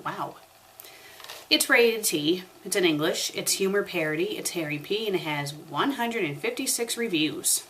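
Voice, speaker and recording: A woman's voice: fairly low pitch, animated, normal speed, a bit bright, a little hiss or hum. A young woman reading a story aloud for a comedic review, breaking off for sarcastic asides. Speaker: fanfiction reviewer.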